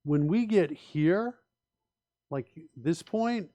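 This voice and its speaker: A man's voice: on the high side, expressive, drawn-out words, mellow, dry recording. A man hosting a live coding stream, thinking aloud in an emphatic, opinionated way with frequent restarts and rhetorical questions. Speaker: host and software developer.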